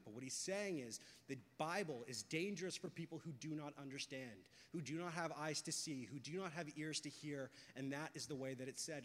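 A young man preaching a sermon, talking casually and telling stories, going from hushed to loud and excited. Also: a little high. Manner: conversational, storytelling, swings from hushed to loud and excited. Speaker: pastor. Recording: long hall reverb.

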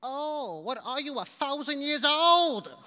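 A squealing, flustered young woman, as a preacher puts her on, high and shrill. She blurts things out and then scrambles to apologize. Long reverb from a big hall rings behind her. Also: very animated, slow, bright, forceful tone, exaggerated voice. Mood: blurting.

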